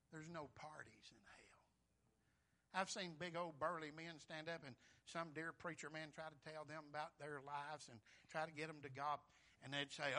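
A man preaching a sermon, swinging from loud pleading to hushed whispers, repeating words in a folksy way. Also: fairly high pitch.

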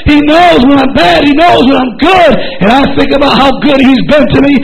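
High-voiced gravelly male preacher. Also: a little fast, low-quality recording. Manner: fervent, repetitive, builds to shouting. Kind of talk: sermon.

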